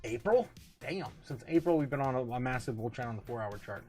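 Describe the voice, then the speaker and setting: A man hosting a casual livestream, reading viewer comments aloud, laughing often and getting excited, full of drawn-out fillers. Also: mid-range voice, soft background music. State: tipsy, recovering from a night of drinking. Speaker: livestream host.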